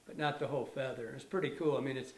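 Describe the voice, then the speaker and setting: Very fast and steady, with a mid-range, slightly mellow voice in an echoey room, a middle-aged instructor casually demonstrates fly tying at a fly shop bench. He rambles enthusiastically, frequently correcting himself and restarting sentences.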